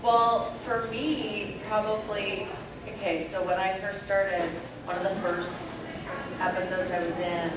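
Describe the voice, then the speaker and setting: Actress on a convention panel, mid-pitched and chatty, recorded from far off in a reverberant hall with a noisy room behind her. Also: measured pace. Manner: animated, chatty, many fillers. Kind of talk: casual panel storytelling.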